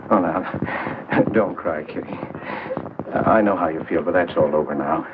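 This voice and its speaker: A man's voice: low-pitched, measured pace. An actor playing a meek, lovesick older man who pleads and stammers, in 1940s film acting. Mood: pleading. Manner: hesitant, stammering. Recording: tinny noisy 1940s film soundtrack.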